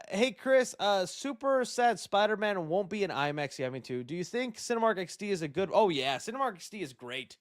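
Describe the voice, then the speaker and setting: Brief: young male stream host, high and animated voice, jokey casual chat. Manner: animated and joking, reads chat aloud.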